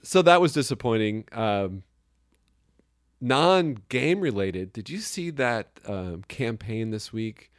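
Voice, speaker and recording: A man's voice: medium pitch, sing-song, takes it slowly, dry recording, clean studio sound. A man co-hosting a casual podcast chat, joking and rambling, often breaking into laughter. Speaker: podcast co-host. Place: Chicago area.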